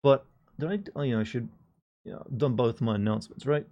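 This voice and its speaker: A man's voice: medium pitch, fairly quick, dark tone, dull audio. Rambling joking male streamer. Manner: joking, rambling, talks to chat. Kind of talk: casual live-stream chat.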